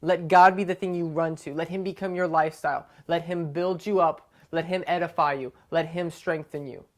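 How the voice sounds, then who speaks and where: A woman's voice: lowish voice, steady tone, a little fast. A woman giving a short, conversational devotional talk to camera, often checking in with "right?". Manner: conversational, keeps asking "right?". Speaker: devotional speaker.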